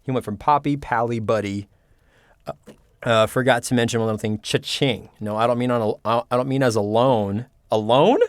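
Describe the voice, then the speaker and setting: A man's voice: mid-range voice, steady tone, normal speed, dry recording, studio quality. A man hosting a livestream, singing along to karaoke and chatting playfully with viewers, laughing often. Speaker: livestream host.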